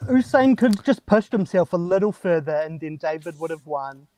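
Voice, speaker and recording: Kiwi man, quiz contestant on a video call, slightly high, dry sound, deadpan grumbling. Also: moderate pace, dry recording. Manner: deadpan, exaggerated complaints. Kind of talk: casual banter on a comedy quiz.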